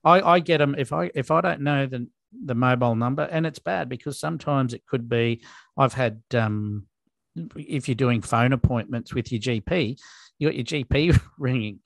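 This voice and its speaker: A man's voice: medium pitch, normal speed, creaky, no room sound, clean studio sound. A man with an Australian accent, a podcast co-host in casual chat, talking in an exasperated way with stammered restarts.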